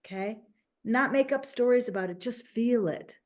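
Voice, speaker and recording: Woman host and life coach, casual interview, animated delivery, pitched a bit high. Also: normal speed. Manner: animated, acts out little quoted voices.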